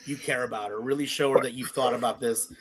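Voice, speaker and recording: A man's voice: medium pitch, fairly even intonation, quick pace, a crowd in the background. A man co-hosting a podcast, telling a long story in casual chat, swearing freely and acting out the quotes. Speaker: podcast co-host.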